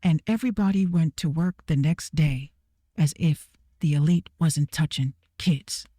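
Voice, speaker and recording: A woman's voice: sits low, measured pace, dark tone, no echo. Heated, profane woman ranting, dry sound. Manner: blunt, heated, repetitive, swears heavily. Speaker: online creator ranting to viewers. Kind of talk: profane rant to camera.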